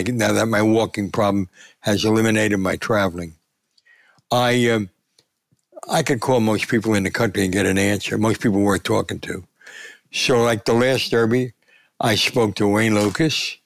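An older man, a sportswriter, telling lively anecdotes in an interview and acting out the quotes. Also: on the low side, moderate pace, gravelly, no room sound, clean studio sound. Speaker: sportswriter and columnist. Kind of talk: storytelling in a conversational interview.

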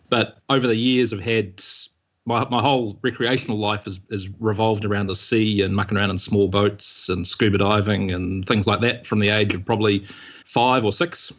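Low-voiced New Zealand man in his forties. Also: fairly bright tone, highs cut off. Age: 40s. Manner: easygoing and measured, with hesitant ums. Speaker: podcast guest. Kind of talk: casual interview answers.

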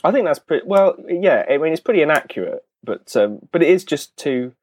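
A man from Brighton with a southern English accent, co-hosting a podcast in casual chat with dry, wry humour. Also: a little high, big pitch swings, a little fast, no room sound. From Brighton, England. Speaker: podcast co-host.

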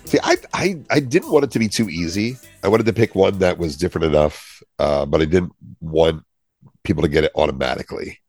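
A man's voice: low voice, expressive, fairly quick, a little mellow, faint music behind. A man co-hosting a podcast in casual, jokey chat. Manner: laughs easily, jokey. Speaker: podcast co-host.

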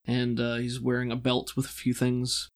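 Man, game master, casual narration, mid-pitched voice, descriptive, filler words. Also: normal speed. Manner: descriptive, relaxed, many fillers.

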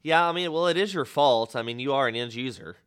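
A Texan podcast host with a medium-pitched, slightly bright, clear and resonant voice talks fast in casual banter. He rambles and jokes, frequently interrupting himself mid-sentence.

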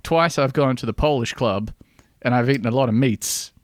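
A man's voice: medium pitch, moderate pace, no echo, studio quality. A man hosting a podcast, chatting casually and joking, swearing freely. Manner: animated, jokey, swears freely. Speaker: podcast host.

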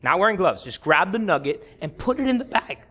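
A pastor speaks a little fast in a high, bright, forceful voice with big pitch swings. Addressing his congregation head-on, he tells a personal story laced with candid humor.

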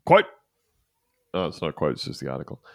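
A wry man reads out news articles on a comedy podcast and mocks them as he goes. His pitch swings dramatically from low mutters to high squeaks. The mic is close and dry. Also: wildly swooping pitch, fast talker, gravelly, fairly bright tone, dry recording. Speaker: podcast co-host reading news stories. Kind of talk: comedic banter, reading articles aloud.

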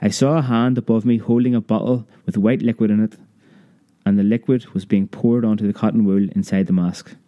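A man narrating a memoir audiobook in a measured, vivid storytelling manner. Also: on the low side, steady tone, dry recording, highs cut off.

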